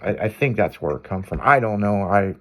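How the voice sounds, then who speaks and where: A man's voice: lowish voice, expressive, brisk. A man hosting a radio show, telling stories in casual banter with crude language and frequent laughter.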